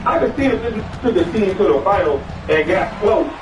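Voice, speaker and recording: A man's voice: high-pitched, animated, fairly quick, noisy background. A man ranting angrily, trading mocking insults and repeating his points. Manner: angry, mocking, repetitive insults. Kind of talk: heated rant. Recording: roomy, distant, dull sound.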